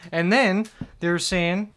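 Brief: male podcast host, high voice, crude storyteller who laughs a lot. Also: fairly even intonation, takes it slowly, a bit bright, slight background noise. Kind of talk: casual chat.

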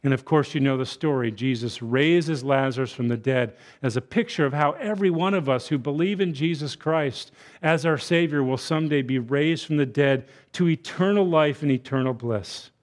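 A man preaching a sermon in church, moving between hushed, tender passages and loud, bellowing emphasis, and acting out voices for effect. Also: mid-range voice, normal speed, hardly any pauses. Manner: acts out quoted voices for effect. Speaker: guest preacher. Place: church sanctuary.

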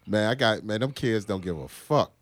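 A man who works as a school teacher, chatting casually in a group and telling animated stories that grow loud and emphatic when he gets riled. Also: lowish voice, moderate pace, no echo.

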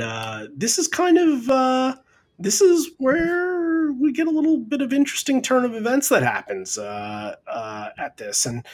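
A man hosting a casual podcast, talking through a live concert recording with a lot of repeated words and bursts of enthusiasm. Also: on the high side. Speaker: podcast host reviewing a concert. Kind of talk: casual music discussion.

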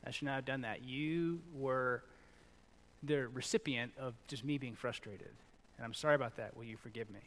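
A middle-aged male pastor preaching a sermon in a conversational, animated way, acting out little quoted lines. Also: medium pitch, normal speed. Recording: long reverb in a large hall.

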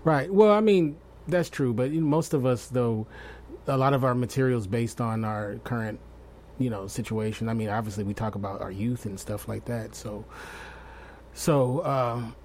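A man hosting a casual interview with a fellow comedian, easygoing and quick to laugh, sometimes searching for his words. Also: medium pitch, a little mellow, a little hiss or hum. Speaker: podcast host and comedian.

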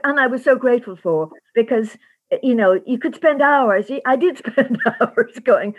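A woman's voice: a little high, unhurried, slightly rough. A woman audiobook narrator talking thoughtfully in an interview, searching for her words. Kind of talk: reflective interview talk. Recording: slightly dull lo-fi sound.

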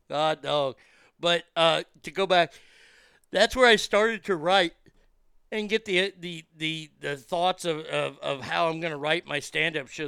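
Comedian guy swearing thru a story, kinda high voice, crisp and clear. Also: no echo, studio quality. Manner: animated, profane, lots of fillers and restarts. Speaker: comedian and podcast guest. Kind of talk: casual storytelling.

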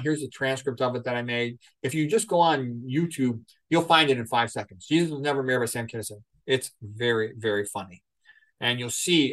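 A man hosts a podcast as a monologue lecture, talking in a loose, conversational way. He leans hard on certain words and keeps tossing in "okay?" and "you know". His voice sits at an ordinary male pitch. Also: fairly bright tone, low-quality recording. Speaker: podcast host and physician.

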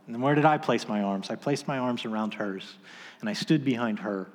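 A man in his thirties delivers a sermon at a middle pitch. He tells stories casually, with filler words and restarts. His voice carries a long reverb from a large hall. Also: brisk. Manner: storytelling, conversational, with filler words. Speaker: pastor.

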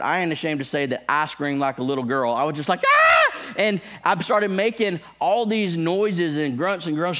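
During his sermon, a male pastor shares an amusing story from his own life with lots of animation, his voice leaping high whenever excitement takes over.

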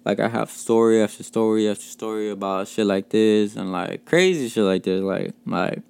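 A man's voice: lowish voice, moderate pace, vocal fry, a little mellow, smooth. A man from Mexico hosting a casual podcast, telling stories in a loose, profane way, full of fillers and chuckles. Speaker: podcast host.

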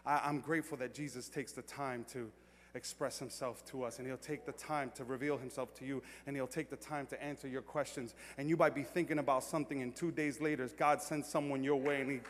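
A man preaching a sermon as pastor, moving from quiet reflection to loud, excited storytelling. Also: medium pitch, long reverb tail.

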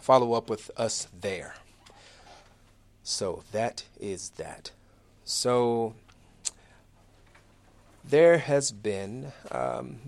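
Upbeat man hosting a live radio show. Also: medium pitch. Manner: upbeat, chatty, friendly, repeats himself. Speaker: radio talk show host. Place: radio studio.

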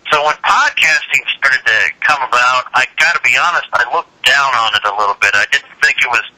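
Bright-voiced upbeat radio man. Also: medium pitch, expressive, fairly quick, low-quality recording. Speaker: podcast guest, digital broadcaster. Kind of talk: casual interview. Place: Los Angeles.

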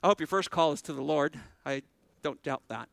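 A man's voice: a little high, fairly quick, gravelly, a bit bright, dry recording, rough recording. A male pastor preaching a sermon, earnestly putting questions to his congregation.

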